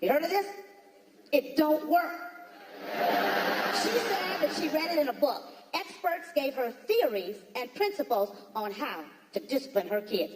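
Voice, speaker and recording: Woman, stand-up comic, animated, punchy storytelling, reverberant theater. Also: sits high, slight background noise. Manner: punchy, storytelling delivery with quick asides to the audience. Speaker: stand-up comedian. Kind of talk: stand-up comedy routine. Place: large comedy theater stage. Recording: echoey hall recording with crowd. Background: audience laughter.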